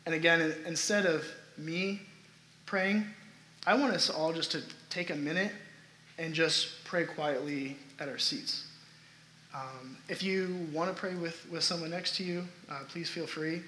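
A man's voice: fairly high pitch, fairly even intonation, a little slow, sharp tone, slight background noise. A man preaching a sermon to his congregation in a church sanctuary, talking earnestly and building emphasis. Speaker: pastor. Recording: roomy echoey sanctuary sound.

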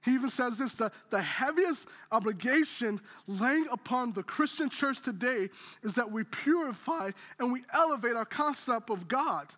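A man's voice: extremely high pitch, lively intonation, moderate pace, sharp tone. A man preaching a sermon in a casual, conversational way, often restarting phrases and building to intense moments. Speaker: pastor.

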